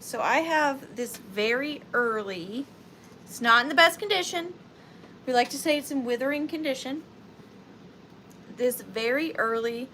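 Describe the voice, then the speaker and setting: Southern woman host, high voice, unhurried and playful, live-sale auctioneer, noisy background. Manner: chatty, playful, sing-song and animated, talking to buyers. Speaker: vintage reseller hosting a live sale. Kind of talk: live auction stream chat.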